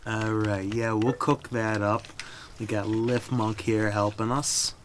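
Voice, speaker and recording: Male streamer, low voice, unhurried delivery, playful live commentary, faint background hum. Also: little pitch movement. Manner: playful, mock-solemn asides to chat. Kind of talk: live gameplay commentary to chat.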